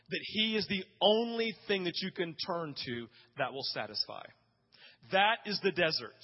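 A man preaching a sermon, telling stories with passion and hammering home points through repetition. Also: high-pitched. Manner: passionate storytelling with emphatic repetition. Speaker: pastor. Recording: reverberant dull hall sound.

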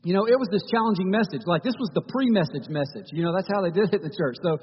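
A man's voice: high voice, racing, in a large hall, muffled recording, slight background noise. A male pastor giving a conversational sermon in a church, often restarting his phrases.

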